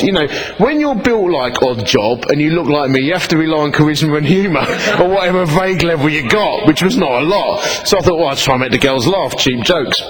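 A middle-aged man with an Essex accent giving a humorous personal testimony to an audience, telling it as lively comic storytelling and acting out both sides of the dialogue. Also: on the high side, poor audio. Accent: Essex English. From England. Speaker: speaker giving his testimony.

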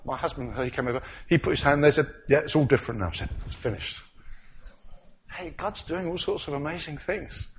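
A man preaching a sermon, swinging from loud cries to quiet asides. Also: mid-range voice, a little hiss or hum. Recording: slightly dull sound.

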